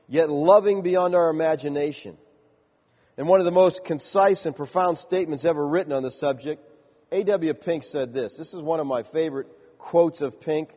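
Emphatic preacher in a reverberant hall. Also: male voice. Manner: emphatic, rises in pitch to stress points. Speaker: pastor. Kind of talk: sermon. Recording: muffled sound with long hall reverb.

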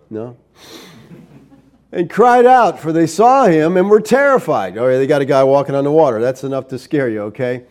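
Mellow-voiced man preaching a sermon. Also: fairly high pitch. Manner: teaching verse by verse, checking in with listeners. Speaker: pastor.

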